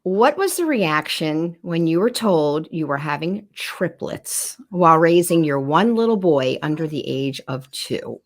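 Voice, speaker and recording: A woman hosting a podcast, asking her guest questions in an unhurried, gentle way with a few fillers. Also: deep voice, sing-song. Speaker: podcast host. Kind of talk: interview questions.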